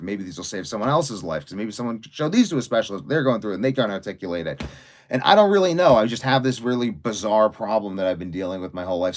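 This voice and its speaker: Young guy rambling on his livestream, lots of likes and restarts, kinda low voice. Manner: fast, run-on talk with many fillers and restarts. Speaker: vlogger livestreaming while writing. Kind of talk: rambling live-stream monologue.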